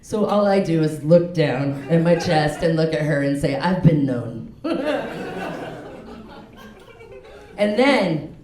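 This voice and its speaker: A woman's voice: sits low, animated, slow pace, pauses often. A woman in her forties doing a stand-up comedy set in a comedy club, talking frankly and laughing at her own jokes. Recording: echoey club with loud crowd. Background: audience laughter.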